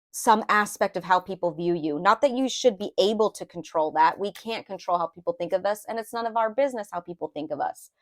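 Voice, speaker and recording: Speaking at a medium pitch, this woman offers a casual tarot reading in a rambling, confiding way. Her talk is packed with fillers and restarts, and she's openly emotional when describing how she feels.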